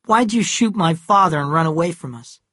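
A man's voice: fairly high pitch, lively intonation, normal speed, a bit bright, husky, no room sound, studio quality, voice pushed up. A narrator voicing a defiant teenage boy who talks back indignantly in an audiobook. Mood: pleading. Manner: raised, indignant. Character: defiant teenage boy confronting his mother. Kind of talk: audiobook character voice.

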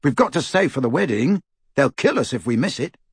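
A man's voice: medium pitch, lively intonation, fairly quick, slightly rough, no echo, clean studio sound, pitched above the performer's own voice. A man voicing a loyal teenage boy who talks in a blunt, chummy way, part of a storybook audiobook. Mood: eager.

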